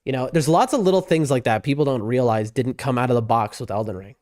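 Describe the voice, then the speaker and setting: A man streaming a game live, chatting with viewers in a rambling, excitable way. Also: medium pitch, fast talker. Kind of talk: casual live-stream chat.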